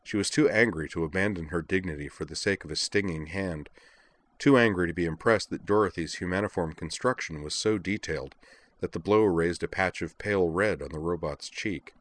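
Deep-voiced man reading a story. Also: a little fast, a bit bright. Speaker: narrator. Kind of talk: reading fiction aloud.

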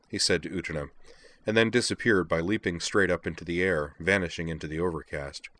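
A man reading a novel aloud in measured, even storytelling narration. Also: low-pitched. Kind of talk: audiobook narration.

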